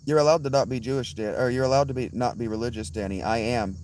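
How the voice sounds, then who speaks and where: A hoarse man hosting a casual livestream, answering chat bluntly and calling out viewers by name. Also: medium pitch, steady tone, quick pace, darkish tone, slight background noise. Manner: blunt, swears, addresses chatters by name. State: hoarse, worn-out voice. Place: outdoors at night with insects.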